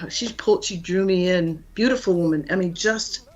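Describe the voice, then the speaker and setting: A woman singer being interviewed on a radio show, telling her story in a warm, storytelling manner. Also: fairly low pitch, a little slow, highs cut off. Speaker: singer guest. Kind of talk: interview answers.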